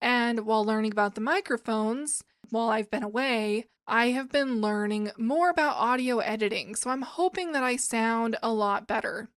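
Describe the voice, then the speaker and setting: A woman's voice: a little high, moderate pace, hardly any pauses, no room sound, studio quality. A woman hosting a casual literature podcast, chatty and prone to asides and restarts. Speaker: podcast host. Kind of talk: casual podcast chat about classic literature. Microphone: new microphones.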